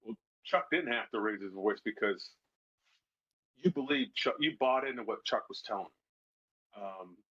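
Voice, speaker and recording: Husky former player telling stories. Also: male voice, fairly low pitch, a little slow, long pauses. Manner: animated storyteller who acts out quoted voices. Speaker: guest, former football player. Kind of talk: casual interview storytelling. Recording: slightly dull lo-fi sound.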